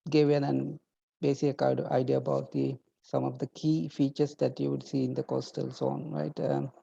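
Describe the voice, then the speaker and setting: Lecturer, online class; heavy gravelly fry, very dark tone, halting delivery full of fillers and "right?" check-ins, dull lo-fi audio. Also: medium pitch, level tone. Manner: halting, many fillers and restarts, checks in with 'right?'. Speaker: university lecturer.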